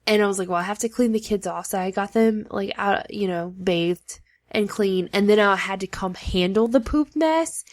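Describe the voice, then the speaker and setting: A young woman co-hosting a podcast, telling home stories in lively casual chat, often laughing. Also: mid-range voice, moderate pace. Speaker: podcast co-host.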